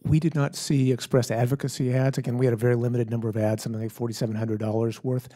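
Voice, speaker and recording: A man testifies at a hearing, talking quickly with a warm, mellow tone. He answers carefully and corrects himself mid-sentence. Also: medium pitch, flat delivery. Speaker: tech company executive witness. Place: hearing room.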